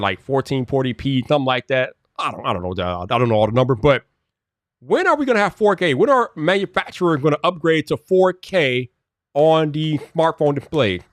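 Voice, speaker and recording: A man's voice: a little high, no room sound, studio quality. A man hosting a casual tech live stream and chatting to viewers' comments. He talks in loose slang, stumbles over repeated words and grows exasperated when things glitch.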